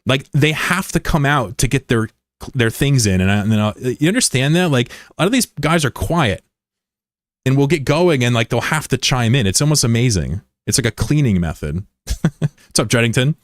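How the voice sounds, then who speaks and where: In clean studio sound with no echo, this U.S. streamer talks at normal speed with a medium pitch and lively intonation. He hangs out with his live audience in a casual, foul-mouthed, blunt way, arguing back at critics in the chat.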